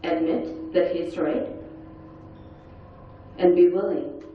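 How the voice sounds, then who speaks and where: A woman speaker at a conference panel, telling her own story in an earnest, quiet and intense way. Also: fairly low pitch, takes it slowly, faint music behind. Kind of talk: personal testimony talk. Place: large conference hall. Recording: echoey, dull hall sound from far off.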